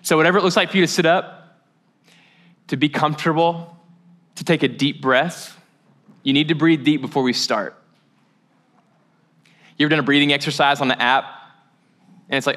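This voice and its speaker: A man preaching a sermon as a pastor, telling a story in a casual, animated way and laughing at his own jokes. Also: fairly high pitch, normal speed, long pauses.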